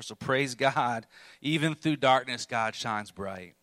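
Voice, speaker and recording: A man's voice: medium pitch, unhurried, pushed and bright, dry recording. A man preaching a sermon, telling his own struggles candidly with bursts of emphasis. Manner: candid, self-deprecating storytelling with bursts of emphasis.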